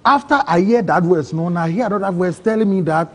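Ghanaian man, interview guest, high husky voice, animated testimony that acts out the people in his story. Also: quick pace. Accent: Ghanaian English. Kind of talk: emotional personal testimony.

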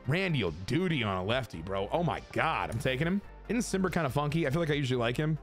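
A young man casually commentating his baseball video game to chat, excitable and crude, swinging between joking rants and hype. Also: mid-range voice, fast talker, faint music behind. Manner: crude, self-mocking humor.

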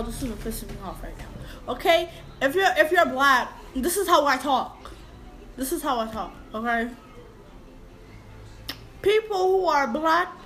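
A woman's voice: high-pitched, a bit bright, poor audio. A woman reacting to a video in casual, slangy talk, exasperated and blunt, repeating herself.

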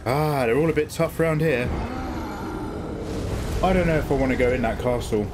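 A man's voice: medium pitch, moderate pace, noisy background. A man doing live gameplay commentary as a streamer, joking with and teasing back at his viewers.

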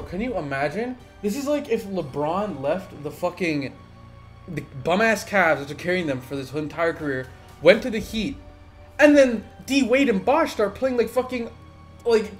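A young man recording a gaming video rants in an agitated, swearing flow. His voice sits somewhat high for a man, and soft music plays behind him. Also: sing-song, moderate pace. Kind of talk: profane live-reaction rant.

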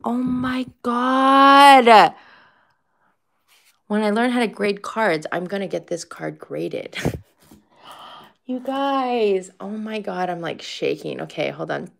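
A woman's voice: lowish voice, lively intonation, unhurried, gravelly. A woman in her fifties streaming card-pack openings, chatty and gushing, shrieking with joy at big pulls. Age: 50s.

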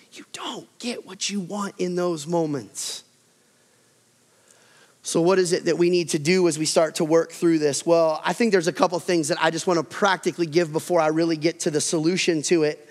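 A male pastor preaches in a big sanctuary, his fairly high voice carrying a long reverb tail. He is animated and acts out household arguments, climbing in pitch as he plays them. The delivery is a live sermon to a congregation. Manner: animated, acts out quarrels with rising voice.

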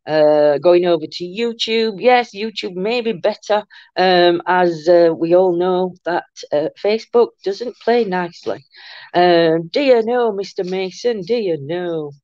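Brief: older woman, livestream host, giggly and warm-hearted chat, lo-fi dry mic. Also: lowish voice, measured pace, no room sound. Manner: chatty, greets viewers with endearments, giggly. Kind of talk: casual live chat reading comments. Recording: muffled lo-fi dry room sound.

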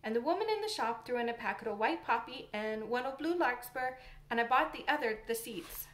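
A woman's voice: on the high side, animated, fairly bright tone. A woman doing a cheery country boy. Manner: quick, easy, good-humoured.

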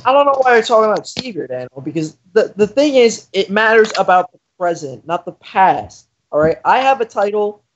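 Brief: young guy voicing an arrogant male wrestling champion, cocky taunts, muffled low-fi recording with slight background noise. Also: animated, a little fast, hardly any pauses. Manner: cocky, taunting trash talk. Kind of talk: amateur wrestling promo voice-over. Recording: dull lo-fi mic with faint noise.

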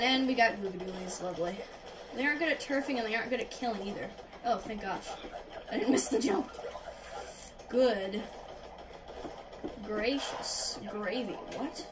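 High-voiced woman yelling through gameplay. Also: far from the mic, noisy background. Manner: reactive, exclamatory, laughs at herself. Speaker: gaming YouTuber. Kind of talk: gameplay commentary. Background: game music.

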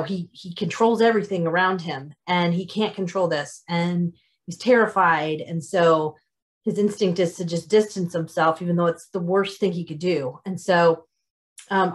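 A middle-aged woman author chatting casually about her novels, with many fillers and restarts. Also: lowish voice. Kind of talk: casual talk about her novels, then reading aloud.

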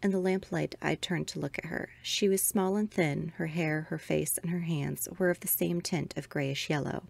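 A woman reads a Victorian ghost story aloud in a measured, expressive way. Her voice is on the low side with a gravelly texture. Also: dry recording. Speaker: podcast host reading aloud.

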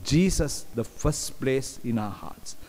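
A man's voice: medium pitch, lively intonation, takes it slowly, a little mellow. A man preaching a sermon, repeating phrases and putting questions to the congregation. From Sri Lanka. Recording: long hall reverb, live stream.

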